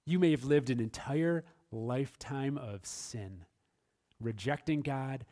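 A man preaching a Good Friday sermon to his church, swinging between soft, hushed passages and emphatic, raised lines. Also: mid-range voice, lively intonation, unhurried. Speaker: pastor.

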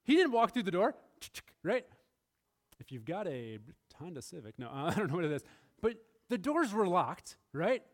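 A man's voice: high-pitched, sing-song, moderate pace. A man preaching a sermon in a church, laughing often and briefly acting out the voices of the people in his story. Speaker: pastor. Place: church sanctuary.

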